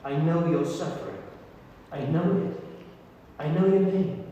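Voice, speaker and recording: A man's voice: a little high, highs cut off. Far-off echoey preaching man. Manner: earnest, intimate preaching with soft pauses. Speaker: pastor. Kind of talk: sermon. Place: church hall. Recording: echoey hall from far off, faint noise.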